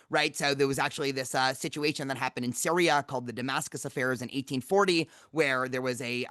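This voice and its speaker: A man's voice: on the high side, fairly bright tone, no echo, clean studio sound. A young adult man hosting a podcast interview, lecturing and often checking in with "right?" and "you know". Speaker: podcast host, campus rabbi.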